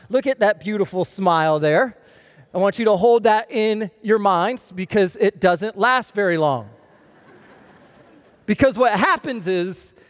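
A young male pastor with a notably high voice delivers a lively, storytelling sermon. His words ring with the long reverb of a big church hall. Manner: storytelling, animated and humorous.

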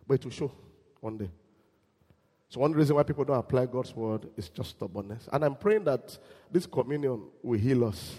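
Pastor preaching in a reverberant hall. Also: male voice, mid-range voice, husky. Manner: animated, quizzes the congregation, acts out quotes. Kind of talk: sermon. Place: church.

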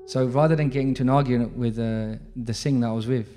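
A man's voice: medium pitch, steady tone, fast. A man with a British accent giving a conversational storytelling talk to a congregation, retelling a story with frequent restarts. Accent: British English. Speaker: Sikh speaker addressing a congregation. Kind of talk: spoken storytelling talk with a moral lesson. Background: music.

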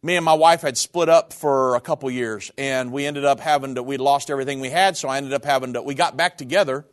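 A man's voice: mid-range voice, fast talker. A middle-aged man in ministry giving an earnest, emotional sermon testimony about his own life. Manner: earnest, personal, emotional storytelling.

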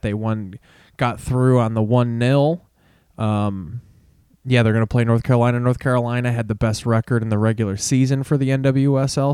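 A man's voice: mid-range voice, darkish tone, clean tone, no room sound, clean studio sound. Swearing man rambling on a podcast. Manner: rambling, heavy casual swearing. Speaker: podcast host. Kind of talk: casual sports podcast monologue.

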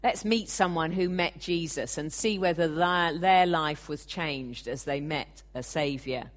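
Woman preacher, sermon, earnest, measured, unhurried, slightly low pitch. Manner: measured, earnest, acts out quoted voices.

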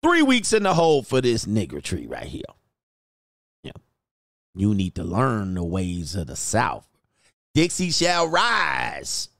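A man voicing a bigoted, menacing old small-town judge who taunts in a slow drawl. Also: on the low side, huge pitch swings, vocal fry, fairly bright tone, no echo, studio quality, exaggerated voice. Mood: threatening. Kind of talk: mock role-play on a livestream.

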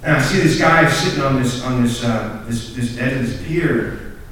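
A man's voice: medium pitch, normal speed. Young guy preaching to students, stumbles over words, laughs at himself, big echo. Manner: earnest, self-deprecating, laughs at his own stories; repeats and restarts words when excited. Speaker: speaker at a student group meeting. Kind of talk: storytelling sermon. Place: large room full of students. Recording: very echoey room, heard from a distance.

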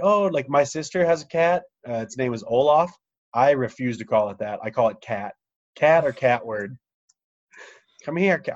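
A man co-hosting a podcast in casual chat, joking and swearing as he tells stories. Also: mid-range voice. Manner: joking, profane, laughs through stories. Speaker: podcast co-host. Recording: dull lo-fi audio.

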